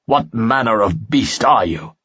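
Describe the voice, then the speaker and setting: A man voicing a calm, wounded male elf fighter in an audiobook. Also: lowish voice, unhurried, slightly rough, dry recording, heavily acted. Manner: calm, dry. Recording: dull lo-fi audio.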